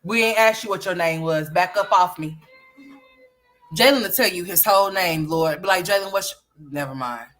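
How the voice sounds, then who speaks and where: A woman's voice: fairly low pitch, normal speed, a bit bright, faint music behind. A woman hosting a casual livestream, playfully scolding and teasing her young sons. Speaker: livestream host.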